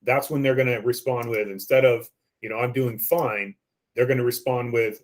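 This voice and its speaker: A man's voice: medium pitch, fairly even intonation, moderate pace. A man giving a training lesson on phone sales scripts, coaching listeners and acting out the script lines.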